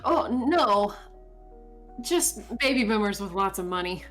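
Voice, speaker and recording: A woman voicing a sardonic young female barista, reading game dialogue aloud in a dry, deadpan way. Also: medium pitch, measured pace, soft background music.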